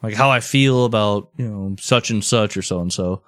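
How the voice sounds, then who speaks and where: A married man telling an Old West story on a podcast in a relaxed way, drifting into joking asides. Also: lowish voice, moderate pace, dry recording.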